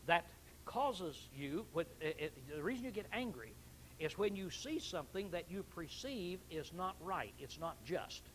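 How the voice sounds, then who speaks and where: An older man delivers a homespun sermon with a slightly raised voice. He keeps clearing his throat and going back over his words, and a faint hiss of room noise sits under him. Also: a little high, a bit bright, low-quality recording. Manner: folksy, repeats phrases, clears throat often. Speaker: preacher.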